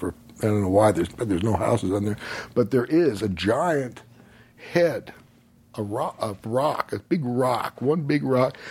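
On a podcast, a male guest with a lowish, husky voice and a darkish tone tells a long personal story. His relaxed storytelling rambles loosely, full of fillers, and he often laughs while talking.

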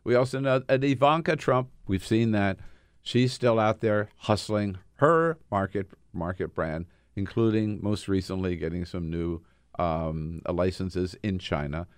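A man's voice: deep voice, a little slow, clear, resonant tone, no echo, studio quality. A man hosting a political talk radio show, retelling events in an emphatic, indignant way.

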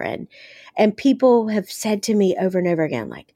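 A woman's voice: medium pitch, big pitch swings, a little fast, warm tone, dry recording, studio quality. A woman from the American South, an author being interviewed, talking casually with blunt, salty humor and lots of fillers. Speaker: author guest.

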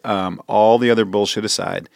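A man co-hosting a comedy podcast, talking in a rambling, halting, mock-stern way. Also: on the low side, steady tone, gravelly, darkish tone, no echo, studio quality. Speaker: podcast co-host. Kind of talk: comedic casual chat.

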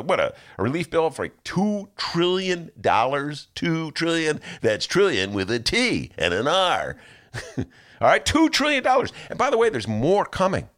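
A man hosting a political talk show, sarcastic and animated, laughing often as he comments. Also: fairly high pitch, measured pace.

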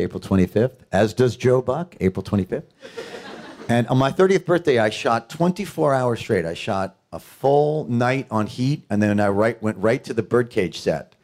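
A middle-aged actor from New York who chats at a panel Q&A and tells his stories with laughs and quick asides. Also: on the low side, a little mellow. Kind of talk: casual storytelling at a panel Q&A.

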